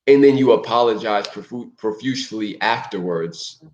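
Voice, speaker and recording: A man co-hosting a relationship talk show, animated and acting out people in voices. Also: moderate pace, lo-fi sound. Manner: animated, acts out people in shouted high put-on voices. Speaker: podcast co-host.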